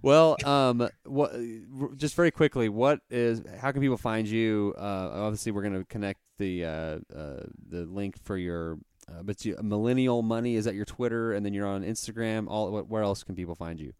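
A man hosting a casual interview podcast, friendly and jokey, with quick reactions. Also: lowish voice, darkish tone, clean tone, dry recording, clean studio sound. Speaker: podcast host.

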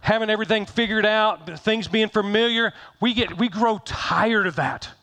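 A man's voice: high voice, moderate pace, sharp tone. A middle-aged man pastor giving a conversational sermon, folksy and joking, repeating phrases for emphasis.

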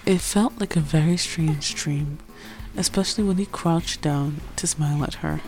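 A woman chatting casually with fillers, then reading a romance story aloud. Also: low voice. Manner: chatty, filler-heavy intro then steady narration. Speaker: fan fiction reader.

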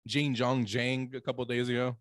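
A man recounting a story in casual podcast chat, his voice sitting in a middle register. He delivers jokes dry and deadpan. The sound is close and dry. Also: medium pitch, normal speed, dry recording. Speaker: podcast co-host.

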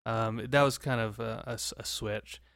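Podcast guy telling a story, excited, trips over his words, dry close sound. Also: on the low side, normal speed, no echo. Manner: animated storyteller, repeats words when excited. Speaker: podcast co-host. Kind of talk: casual chat.

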